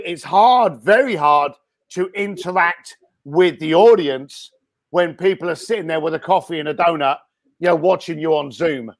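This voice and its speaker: Man, high voice, hoarse, blunt, energetic, filler words, video call. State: hoarse, losing his voice. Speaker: guest speaker and entrepreneur. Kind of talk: casual interview answers.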